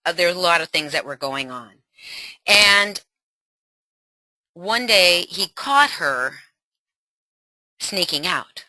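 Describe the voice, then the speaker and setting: A middle-aged woman coaches parents in a webinar, animated and encouraging. Her voice is very bright and swings widely in pitch. The recording is dry and close. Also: slow, long pauses, no room sound. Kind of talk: webinar teaching.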